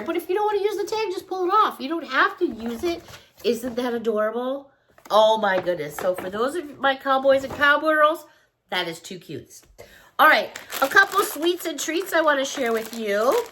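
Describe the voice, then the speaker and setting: A woman's voice: fairly high pitch, sharp tone, a little hiss or hum. A sick woman from Chicago chatting enthusiastically through a shopping haul vlog, gushing over each item. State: sick, coughing. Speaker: haul vlogger.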